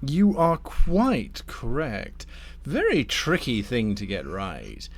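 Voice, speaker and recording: A man voicing a smooth, polite devil who offers scheming deals in a tabletop game. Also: medium pitch, huge pitch swings, takes it slowly, full character voice. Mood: persuasive. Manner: polite, silky, persuasive.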